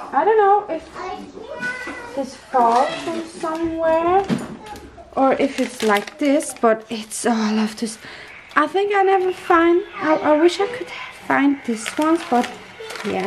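A young woman with a high voice unpacks craft mail at home in a casual chat. She gushes, gasps and thanks the sender again and again. She talks at an unhurried pace. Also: noisy background. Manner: gushing, gasping, effusive thanks. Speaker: craft vlogger opening mail.

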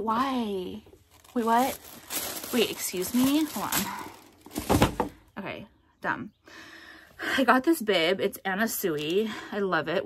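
A woman's voice: mid-range voice, slight background noise. A young American woman chatting casually in a vlog, rambling with lots of fillers, swearing and flaring into outrage. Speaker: vlogger.

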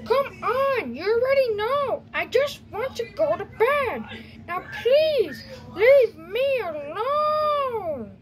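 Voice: sing-song, a little slow, a loud crowd, full character voice. A performer voicing a small, sleepy, cranky furry red monster in a homemade toy skit, whining and exasperated. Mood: annoyed. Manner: squeaky, whiny, exasperated. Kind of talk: toy skit for online video.

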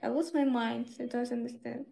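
A woman's voice: fairly high pitch, flat delivery, a little fast, creaky, dark tone. A young woman live streaming, chatting casually with viewers in simple broken English and laughing often.

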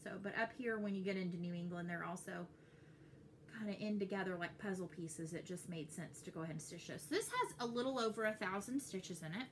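A young woman with a Texas accent, chatting casually and excitedly to her viewers as a cross-stitch vlogger. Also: medium pitch, fairly quick, a little hiss or hum. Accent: Texan. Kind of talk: casual chat to camera.

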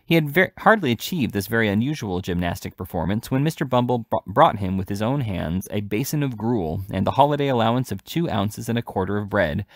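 A man reading a classic novel aloud, steady, with occasional self-corrections. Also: lowish voice, a little fast, few pauses, no echo, clean studio sound. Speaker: audiobook reader.

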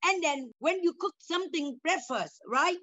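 A high-pitched older woman argues with her grown daughter in broken, halting English, repeating her words for emphasis. The sound is dull and lo-fi, tight and dry with no room to it. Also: expressive, bright, forceful tone, dry recording. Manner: confrontational, repeats phrases, non-native broken English. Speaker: mother in a family talk show. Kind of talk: heated family conversation.

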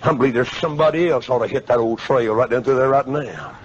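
A man preaching a revival sermon, swinging from quiet pleading to shouting. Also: medium pitch, quick pace. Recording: muffled lo-fi sermon tape.

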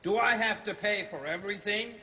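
A man's voice: high-pitched, fairly quick, sharp tone, exaggerated voice. A man playing Harvey, a sidekick who reads out viewer letters. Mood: dry.

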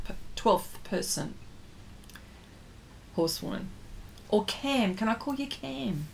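A woman's voice: fairly high pitch, very animated, gravelly, slight background noise. A woman artist hosting a livestream, chatting casually with viewers while she paints and answering their comments. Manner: talks slowly while working, trails off into fillers.

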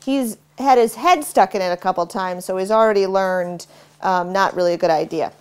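A middle-aged woman dog trainer explaining basic commands in a relaxed, instructional way while working with a dog. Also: moderate pace, smooth. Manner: relaxed explaining, cheerful high praise to the dog. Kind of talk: instructional demonstration.

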